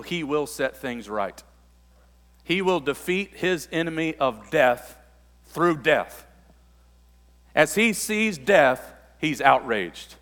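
Pastor preaching in a reverberant hall. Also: male voice, medium pitch, fairly bright tone. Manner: expository, reads scripture then explains, builds to emphatic peaks. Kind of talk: sermon.

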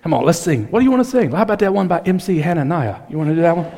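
A man's voice: fairly high pitch, lively intonation, very fast, warm tone, big-room sound, a little hiss or hum. A man voicing a cheerful male leader who coaxes a friend in casual slang. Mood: coaxing. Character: upbeat cheerful male leader, eager to sing.

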